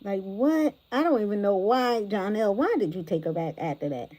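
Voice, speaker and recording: Animated woman streamer on a tablet. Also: medium pitch, fairly quick, rough recording. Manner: animated, exclamatory, addresses viewers as y'all. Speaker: commentary host. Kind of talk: livestream reaction commentary. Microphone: phone or tablet.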